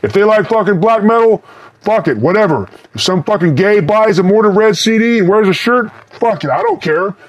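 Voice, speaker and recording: A man from Texas with a light regional accent, his voice run through a cheap voice changer and sitting a little high. He rambles through viewer questions in a blunt, foul-mouthed, offhand way. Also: lively intonation, normal speed, lo-fi sound. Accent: mild Texas. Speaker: band frontman answering viewer questions. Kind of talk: casual question-and-answer chat.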